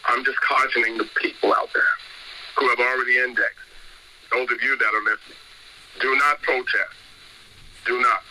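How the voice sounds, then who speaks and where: A man's voice: mid-range voice, steady tone, moderate pace, pauses often, sharp tone, slight background noise, low-quality recording. A man preaching on a call, reading verses and repeating blunt commands in an emphatic, scolding way. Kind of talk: sermon-style scripture talk.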